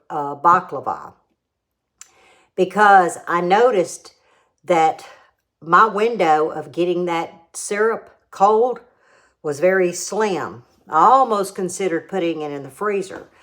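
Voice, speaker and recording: Slow, low-voiced woman cooking host. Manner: chatty and homey, explains steps patiently. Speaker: home cooking vlogger. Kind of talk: casual cooking demo and tasting.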